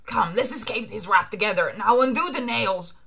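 A woman's voice: medium pitch, normal speed, gravelly, crowd noise, lightly acted. A woman reading aloud as a scheming, cowardly male shogun villain from a comic she is reacting to. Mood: sly. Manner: pleading then screaming in panic.

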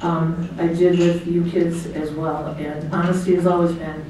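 A woman's voice: lowish voice, little pitch movement, unhurried, warm tone, slight background noise. A middle-aged woman giving a chatty, anecdotal speech as guest of honor at her party, laughing often and acting out what people said. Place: hotel banquet room. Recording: echoey banquet hall from far off.

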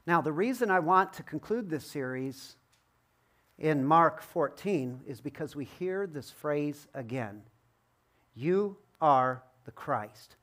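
A man's voice: fairly high pitch, animated, a little slow, fairly bright tone. A male pastor giving an informal, explanatory sermon, with frequent ums and self-deprecating asides. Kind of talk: conversational sermon.

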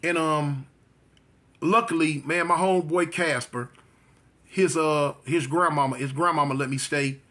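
A man's voice: a little high, steady tone, unhurried, pushed and bright. A man casually telling a personal life story, repeating phrases and acting out sounds as he goes. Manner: vivid storyteller who repeats phrases and mimics gunshots.

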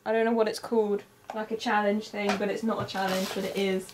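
A young woman chatting casually and rambling excitedly with friends. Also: mid-range voice, fast talker. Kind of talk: casual chat. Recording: voice from off the mic with faint noise.

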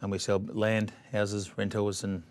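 Middle-aged aussie bloke spinning cheeky stories, lowish voice. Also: male voice, completely flat delivery, a little slow. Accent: Australian. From Australia. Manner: brash, bawdy anecdotes. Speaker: guest. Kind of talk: storytelling chat.

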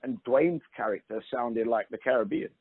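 A middle-aged man speaks at normal speed in a medium-pitched, slightly rough voice, with no room sound on a phone-like line. In this laid-back interview he's chatty and emphatic, often starting sentences over and repeating "you know."

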